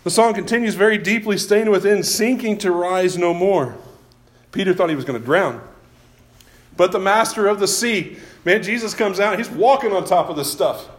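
A man's voice: high-pitched, reverberant. A man preaching a sermon as pastor, talking in a folksy, self-deprecating way and often repeating his words.

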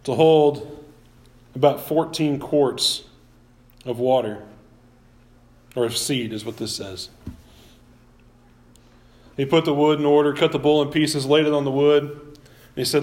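A man preaching a sermon, retelling a Bible story with casual asides and acted-out quotes. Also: on the high side. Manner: lively storytelling, acting out biblical quotes.

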